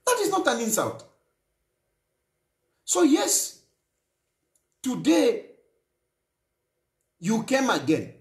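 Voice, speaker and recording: A man's voice: extremely high pitch, huge pitch swings, very slow, long pauses, reverberant. A Zambian man hosting a talk show, speaking in an impassioned political monologue and repeating phrases for emphasis.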